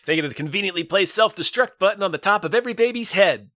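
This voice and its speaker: Bright, lively-voiced joking man. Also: racing, dry recording, studio quality. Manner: jokey, swings into low mock-solemn asides. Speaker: podcast co-host. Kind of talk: casual chat.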